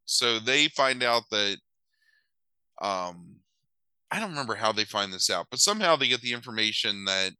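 A man's voice: fairly low pitch, pushed and bright, clean tone, no echo, poor audio. A man recapping a movie in a loose, sarcastic chat, swearing casually and using many filler words.

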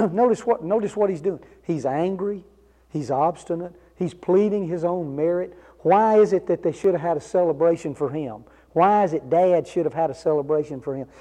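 A man with a fairly high yet mellow voice delivers a sermon, working through a passage with rhetorical questions and relaxed asides. His words ring out with a long reverb, as in a large church sanctuary. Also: moderate pace. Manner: expository preaching with rhetorical questions; conversational asides. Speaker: preacher.

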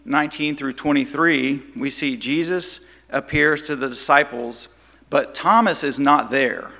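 A man's voice: fairly high pitch, pushed and bright, long reverb tail. A man teaching a Bible study, telling the story and briefly acting out the quoted lines.

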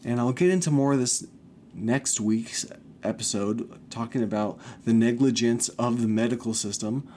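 A man's voice: mid-range voice, normal speed, a little mellow, a little hiss or hum. A man hosting a personal podcast, talking in a rambling, emotional way with frequent swearing while he recovers from illness. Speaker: podcast host. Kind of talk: casual personal monologue.

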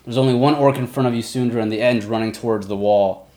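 A man's voice: medium pitch, a little mellow. Casual male game master narrating. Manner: casual, rule-checking narration with quick asides.

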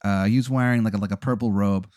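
A man's voice: fairly low pitch, fairly even intonation, fast talker, a little mellow, dry recording, studio quality. A man hosting a podcast, telling a comic hypothetical in a profane, rambling way full of fillers.

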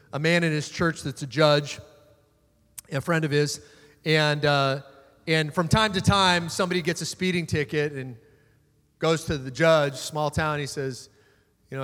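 Male pastor preaching in a reverberant hall. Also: on the high side. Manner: emphatic preaching, swinging from loud declarations to quiet asides. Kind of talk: sermon.

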